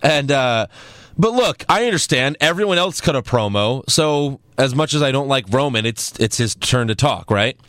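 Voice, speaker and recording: A man's voice: medium pitch, animated, normal speed, fairly bright tone, dry recording. A man from New York co-hosting a podcast, recapping a show in casual chat and often laughing. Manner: chatty, laughs often, curses. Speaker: podcast co-host.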